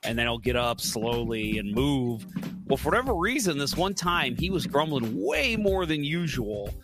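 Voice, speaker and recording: A man's voice: mid-range voice, very animated, moderate pace, over music. A middle-aged American man hosting a sports podcast, chatting casually and rambling through stories with lots of fillers. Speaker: podcast host.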